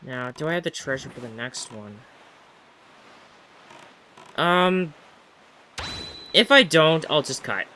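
A man's voice: on the high side, expressive, slow pace, long pauses, noisy background. A man giving casual let's-play commentary, chatty and rambling as he talks to himself while playing.

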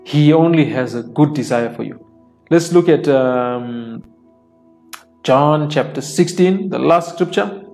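Preacher, male, slightly high voice, plain explanatory sermon delivery, quiet worship music bed. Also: slow pace. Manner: reads scripture aloud and explains it plainly; repeats phrases for emphasis. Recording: soft worship music underneath.

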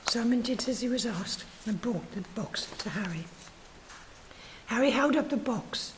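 A woman reading her own story aloud at a spoken word night, breathy and soft, sometimes stumbling and correcting herself. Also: on the high side, expressive, a little slow, a little hiss or hum, rough recording. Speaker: writers group reader.

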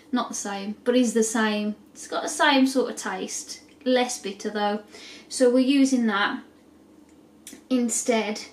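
High, chatty woman cooking at home. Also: a little hiss or hum. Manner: chatty, self-mocking, swears casually. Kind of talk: casual cooking vlog chat. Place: home kitchen with boiling pots. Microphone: camera set back across the kitchen. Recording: echoey kitchen from a distance.

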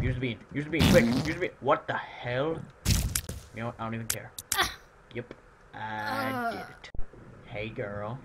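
Excitable man narrating a game, noisy. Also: medium pitch. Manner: excitable, jokey, frequent outbursts. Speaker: gameplay commentator. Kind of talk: let's play commentary. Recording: loud background noise.

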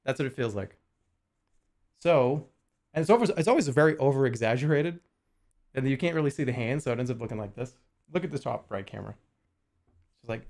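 A man's voice: medium pitch, a little mellow. A man streaming casually, joking and swearing freely, arguing with his chat and muttering while he works on a jigsaw puzzle.

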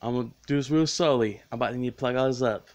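Excitable giggly man unboxing a gift. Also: medium pitch, rapid-fire. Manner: excitable, giggly, swears casually. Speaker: vlogger.

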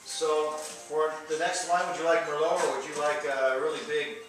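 A man at a holiday dinner table, tossing in quick wry remarks and offering wine. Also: a little high, flat delivery. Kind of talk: casual dinner-table chat. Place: home dining room during a holiday dinner. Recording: roomy room with music behind.

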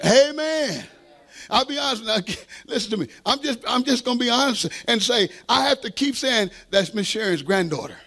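A man's voice: very high voice, fairly quick, creaky, bright, forceful tone. A man pastor preaching a sermon with fervent delivery, call-and-response asides and playful self-deprecating humor.

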